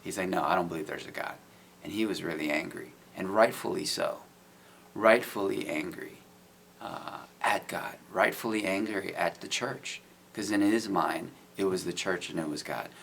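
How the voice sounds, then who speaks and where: Deep gravelly earnest man. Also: moderate pace, fairly bright tone, slight background noise. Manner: earnest, many "you know" fillers. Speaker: guest, IT business owner. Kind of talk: casual testimony.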